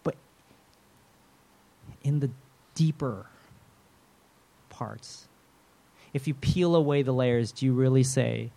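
A man preaching a sermon in a casual, animated way, acting out prayers and quotes in shifting voices with humorous asides. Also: medium pitch, slow, gravelly, pauses often.

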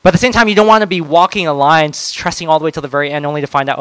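A man preaching a conversational sermon, swinging between loud, emphatic moments and soft, reflective ones. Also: fairly high pitch, very fast, few pauses, no echo, poor audio.

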